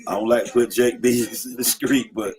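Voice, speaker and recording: A man's voice: mid-range voice, steady tone, brisk, a little mellow, faint music behind. Laid-back man spinning street tales. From Atlanta, USA. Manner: slangy, keeps saying "you know what I'm saying". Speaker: vlogger telling street stories. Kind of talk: casual storytelling. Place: in a car.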